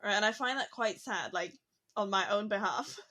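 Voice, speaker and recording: A woman chatting on a podcast in a mid-pitched, everyday voice. She thinks out loud, and her sentences are sprinkled with "like" and "you know." The tone stays conversational and unhurried. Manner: chatty, musing, frequent "like" fillers.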